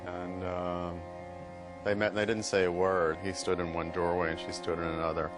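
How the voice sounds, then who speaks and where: Low-voiced man, dry casual raconteur, with heavy music playing under him. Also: little pitch movement, moderate pace. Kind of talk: casual anecdote.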